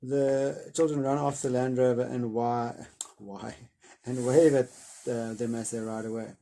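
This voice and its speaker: A man reading a chapter of a children's novel aloud, then retelling it in a loose, hesitant way with many pauses. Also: mid-range voice, level tone, warm tone.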